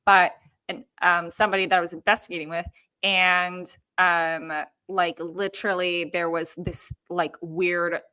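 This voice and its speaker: A woman's voice: fairly low pitch, flat delivery, a little slow, bright, forceful tone, smooth, no echo. A woman co-hosting a paranormal podcast, telling a story in casual chat and swearing freely. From Southern California. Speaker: podcast co-host.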